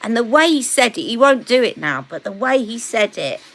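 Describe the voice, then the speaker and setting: A woman's voice: a little high, big pitch swings, fairly quick, fairly bright tone. A woman with a British accent hosting a casual beauty live stream, chatty and rambling, often laughing.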